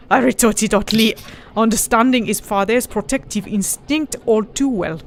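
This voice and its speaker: A woman with a slightly high voice hosting a let's play. She chats casually and reads the game text aloud with playful emphasis. She giggles often between lines. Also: moderate pace, hardly any pauses. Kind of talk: casual gameplay chat and reading aloud.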